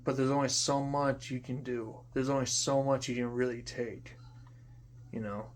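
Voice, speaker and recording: A young man with a mid-range voice venting to the camera in a long unscripted rant. He swears freely, circles back over the same points, and often sinks into low, tired mutters between louder bursts. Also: little pitch movement, moderate pace, a little hiss or hum. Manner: frustrated, profane, repeats himself, trails off into quiet mutters. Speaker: vlogger. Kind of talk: unscripted ranting monologue.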